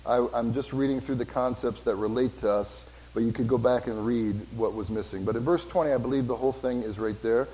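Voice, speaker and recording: A pastor preaching a sermon in a church, talking casually with asides and questions for the congregation. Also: male voice, mid-range voice, fairly quick, mellow, low-quality recording.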